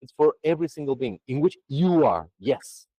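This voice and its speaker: Lively male Buddhist teacher, dry sound. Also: mid-range voice, normal speed, no room sound, lo-fi sound. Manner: lively, chatty, with many restarts. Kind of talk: dharma teaching to a group.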